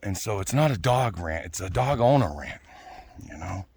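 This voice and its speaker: Blunt ranting man, lively pitch. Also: moderate pace, husky, dry recording. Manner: blunt, swearing, repeats "right?" and "you know?". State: out of breath at times. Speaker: vlogger. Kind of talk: casual ranting monologue.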